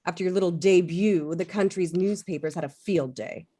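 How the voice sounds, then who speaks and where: Lady reading a stern fifty-something company lawyer, low-ish voice, curt. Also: moderate pace, dark tone, lightly acted. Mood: dismissive. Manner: curt, dismissive. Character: stern woman corporate lawyer in her fifties. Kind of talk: live comedy table read.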